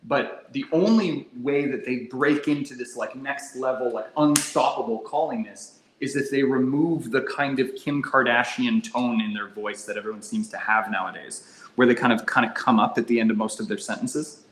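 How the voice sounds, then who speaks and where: A man running a casual sales training session, energetic and quick to demonstrate phone scripts in an exaggerated tone. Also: medium pitch. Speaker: real estate sales trainer. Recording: echoey room, faint background hum.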